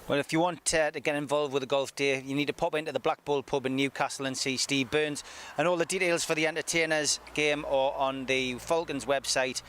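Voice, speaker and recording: A man presenting a football show, interviewing a guest and briskly plugging upcoming events. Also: on the high side, steady tone, fairly bright tone, slight background noise.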